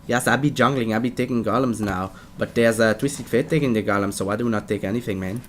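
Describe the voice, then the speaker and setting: A man's voice: fairly low pitch, fast talker, fairly bright tone, a little hiss or hum, lightly acted. A man voicing a carefree female jungler with a put-on accent and broken grammar, in a game commentary. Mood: cocky. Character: swaggering Brazilian dragon-girl jungler, woman.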